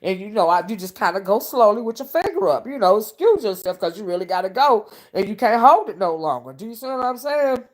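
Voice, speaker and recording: A woman's voice: medium pitch, expressive, brisk, few pauses. A woman vlogger chatting casually to her viewers, calling them honey and y'all and often asking if they see what she's saying. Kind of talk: casual live-stream commentary.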